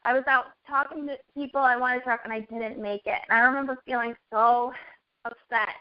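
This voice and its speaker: A woman's voice: on the high side, steady tone, fairly quick. A young adult woman in a casual chat, earnestly telling a personal story and quoting herself along the way. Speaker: network marketing guest. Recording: dull lo-fi audio.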